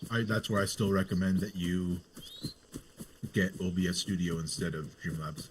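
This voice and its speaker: A man's voice: low-pitched, little pitch movement, moderate pace, background noise. A man on a voice call patiently explains things step by step to a friend in casual chat. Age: older than the host.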